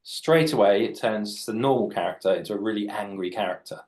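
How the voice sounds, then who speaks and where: A man's voice: lowish voice, a little fast, a little mellow. Chatty man drawing for kids. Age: late 40s. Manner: chatty, jokey, explains while drawing. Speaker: children's author and illustrator. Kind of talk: live drawing demonstration for children.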